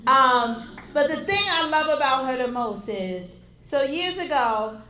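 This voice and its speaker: An effusive woman emcee with a high, bright voice introduces a speaker. She exclaims and gushes as she talks. The sound rings around an echoey hall. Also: expressive, unhurried. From United States. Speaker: event host.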